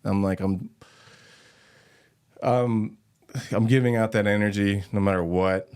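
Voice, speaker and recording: Deep-voiced man telling set stories. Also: unhurried, clear, resonant tone. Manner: laid-back, slangy, animated storytelling. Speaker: actor guest. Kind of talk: casual interview storytelling.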